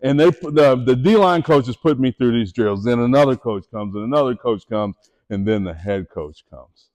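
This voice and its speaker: Middle-aged male speaker, former athlete, animated storyteller addressing students directly, average pitch. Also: normal speed. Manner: animated storytelling, voices the people in his stories; addresses the audience directly with questions. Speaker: motivational speaker. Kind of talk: motivational talk to students.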